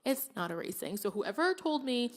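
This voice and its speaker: Animated young woman teacher, higher voice. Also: moderate pace. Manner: animated storytelling, quoting herself in a raised voice, laughing often. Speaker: teacher and podcast co-host. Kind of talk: casual podcast chat.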